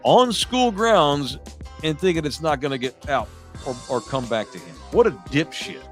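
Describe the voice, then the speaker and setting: A man's voice: on the high side, expressive, normal speed, soft background music. A man hosting a casual sports podcast in a studio, ranting with profane, sarcastic jokes and reading sponsor ads. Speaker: podcast host.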